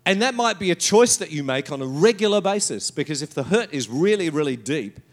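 A middle-aged male pastor preaching a sermon, animated and conversational, with mocking quoted asides. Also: fairly high pitch, fairly quick.

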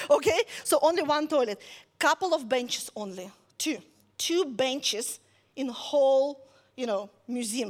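A high-pitched woman gives a conversational sermon, telling a story in a lively way and checking in with listeners as she goes.

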